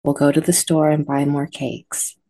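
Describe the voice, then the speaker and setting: A woman's voice: low-pitched, flat delivery, normal speed, vocal fry, warm tone, dry recording. A woman voicing a strict mother of young girls who scolds firmly. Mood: calming. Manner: firm, scolding.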